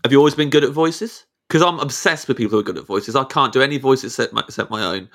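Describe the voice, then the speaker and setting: Northamptonshire-accented male comedian host, bright tone, keen questioner. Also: medium pitch, quick pace. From Kettering, Northamptonshire, England. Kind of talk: casual podcast chat.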